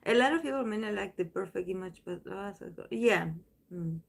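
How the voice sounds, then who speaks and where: A woman's voice: medium pitch, moderate pace, gravelly. A woman hosting a tarot channel, chatting casually to viewers in a rambling way, full of restarts and fillers.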